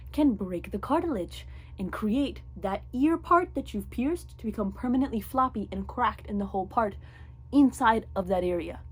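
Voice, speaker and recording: A young woman telling a storytime vlog story in an animated way, acting out the voices of the people in it. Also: fairly high pitch, husky. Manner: animated, acts out voices in her stories. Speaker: vlogger.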